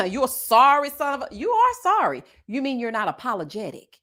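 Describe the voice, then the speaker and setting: A woman hosting a live review of a reality show, sassy and expressive, talking straight to her viewers. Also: high-pitched, normal speed.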